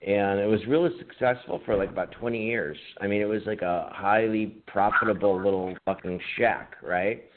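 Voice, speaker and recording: A man's voice: on the low side, steady tone, moderate pace, hardly any pauses. A man co-hosting a podcast, telling a rambling, profane story in casual chat, laughing as he goes. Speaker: podcast co-host. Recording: tinny phone-like line with faint hiss.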